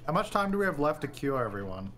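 A laid-back woman playing a game with friends, quickly narrating what her character is doing. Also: deep voice, sing-song, over a noisy crowd. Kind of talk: casual gaming chat.

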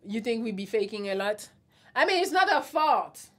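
A woman's voice: on the high side, sing-song, moderate pace. A young adult woman hosting a casual live stream, reading out viewer comments and answering them bluntly with a teasing tone. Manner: blunt, teasing, laughs often.

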